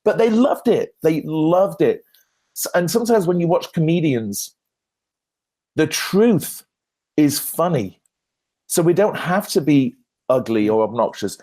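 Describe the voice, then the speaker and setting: Animated man telling business stories on stage. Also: fairly high pitch, measured pace, long pauses. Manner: animated storyteller, self-deprecating, frequent restarts. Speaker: branding expert guest. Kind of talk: conference Q&A talk, anecdotal. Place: conference stage.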